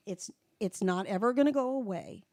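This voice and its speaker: A woman's voice: mid-range voice, animated, moderate pace, darkish tone, dry recording, studio quality. A woman in her seventies, a guest in a casual interview, telling candid stories and folksy sayings in a plainly conversational way. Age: 70s. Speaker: guest, folk singer in long recovery.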